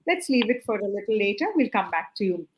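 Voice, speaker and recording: A woman hosting a live-streamed chat over a video call, talking in a friendly, halting way. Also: mid-range voice, big pitch swings, slight background noise, low-quality recording. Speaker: host.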